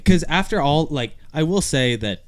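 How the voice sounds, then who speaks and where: A man's voice: a little high, moderate pace. A man in a casual group chat, talking loosely with lots of "like"s. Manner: relaxed, loose talk with many "like"s.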